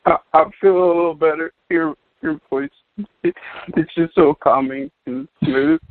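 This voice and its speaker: A man's voice: on the high side, fairly even intonation, a little slow, no echo. A man voicing a giggling young male prank caller who mocks the host. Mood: mocking. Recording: tinny phone-like sound.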